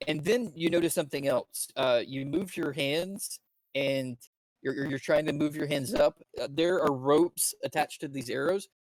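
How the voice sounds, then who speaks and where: Halting man running a tabletop game. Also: on the high side, dry recording, low-quality recording. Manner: halting, with many fillers and restarts. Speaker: game master.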